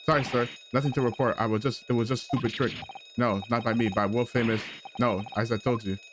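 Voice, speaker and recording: A man voicing a gruff foreign sailor who speaks in broken English. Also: mid-range voice, fairly even intonation, brisk, background noise, close to an everyday voice. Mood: apologetic. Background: game music.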